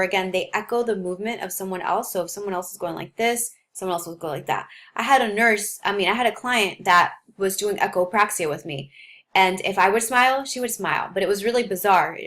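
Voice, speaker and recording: A woman's voice: medium pitch, fast, fairly bright tone. A woman who teaches nursing, lecturing on a topic and mixing in stories from her own clinical work, with frequent fillers. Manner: explains with personal clinical stories, many fillers. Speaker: nursing instructor.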